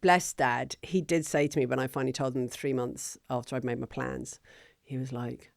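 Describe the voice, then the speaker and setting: A middle-aged woman, telling her story as a guest in a casual interview in an animated, chatty way. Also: extremely low pitch, normal speed, creaky, no echo, clean studio sound. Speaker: guest, business founder.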